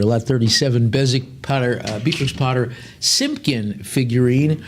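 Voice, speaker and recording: A man working as an auctioneer, rattling off bids quickly and breaking into chatty, joking descriptions of each lot. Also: medium pitch, a little hiss or hum. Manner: rapid bid calling mixed with chatty, joking asides. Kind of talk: live auction calling with item descriptions.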